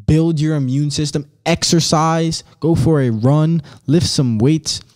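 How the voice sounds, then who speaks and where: A male podcast host ranting on his own in a loose, casual way. He talks bluntly with lots of swearing and slang, sounding fired-up and restless. His voice sits a touch higher than most men's. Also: fairly even intonation, measured pace, darkish tone. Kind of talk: casual solo podcast rant.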